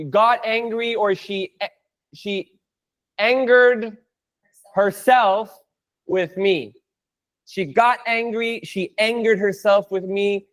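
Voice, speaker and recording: A man's voice: sits high, fairly bright tone. A man teaching a live online Spanish class, playful and chatty, breaking down jokes and phrases for his students.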